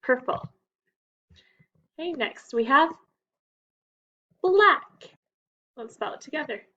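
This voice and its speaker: A woman's voice: high-pitched, moderate pace, fairly bright tone, dull audio. A woman teaching young children a phonics lesson, patient and stretching out the key words.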